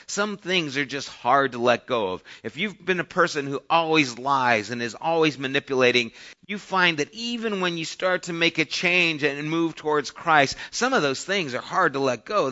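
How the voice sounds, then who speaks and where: A pastor delivers a sermon in a bright, forward, fairly high-pitched voice, shifting between quiet asides and emphatic points. He reads scripture aloud, then explains it in plain, conversational language. The recording is slightly dull and lo-fi.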